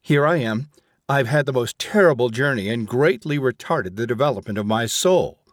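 A man's voice: medium pitch, animated, normal speed, no room sound, studio quality, natural voice. A man reading an audiobook, voicing a prim, haughty woman who is easily shocked, in a clipped, disdainful manner. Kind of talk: audiobook character voice.

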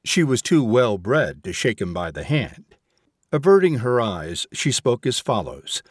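A man narrating an audiobook in a measured, expressive way. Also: medium pitch, husky, dry recording, studio quality.

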